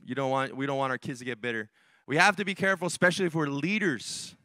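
A man's voice: medium pitch, fairly even intonation, quick pace, bright, forceful tone, dry recording. A male pastor preaching a sermon in a church, emphatic and direct with the congregation, often repeating his key phrases. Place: church sanctuary.

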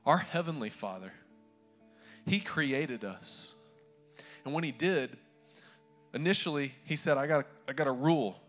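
A man's voice: mid-range voice, animated, a little slow, long pauses, fairly bright tone, soft background music. A male pastor preaching a sermon to a live church congregation, telling stories in a conversational, humorous way.

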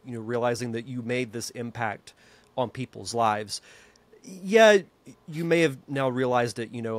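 A male podcast host talks with his guest in a friendly, casual way, leaning on "you know" as he goes. His voice is mid-pitched and sounds close and dry, with no room around it. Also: no room sound. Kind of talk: casual interview chat.

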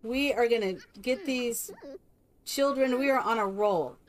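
Higher-voiced woman doting on game characters. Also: a little slow. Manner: coos and coaxes game characters like a doting mother. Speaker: streamer. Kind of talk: casual live-stream gameplay chat.

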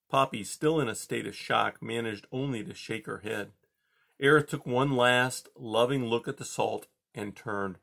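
A man calmly reading a children's novel aloud, chapter by chapter. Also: medium pitch, unhurried, creaky. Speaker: audiobook reader.

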